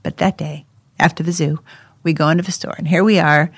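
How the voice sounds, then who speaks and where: A middle-aged woman telling a family story in casual chat, animated and quick to laugh. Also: low voice, slightly rough, no echo. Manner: animated storyteller, acts out quotes, laughs often. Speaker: adoptive mother guest.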